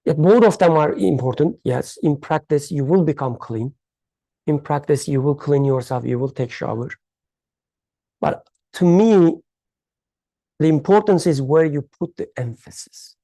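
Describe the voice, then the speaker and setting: A speaker in a faith study circle who explains a hadith in a halting, reflective way, searching for words and using uneven English grammar. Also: mid-range voice, animated, warm tone, no room sound.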